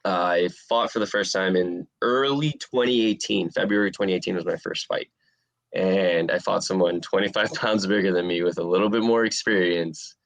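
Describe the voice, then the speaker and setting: A man in his twenties answering interview questions in a relaxed, rambling way with lots of fillers. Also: sits low, moderate pace, gravelly, dry recording. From USA. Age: 20s. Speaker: interviewed fighter.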